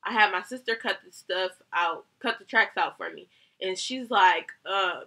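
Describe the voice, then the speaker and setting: A young woman, a hairstylist, telling a heated story about a bad salon visit, animated and swearing often. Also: mid-range voice, moderate pace, slightly rough. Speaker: hairstylist vlogger. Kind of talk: casual storytime rant.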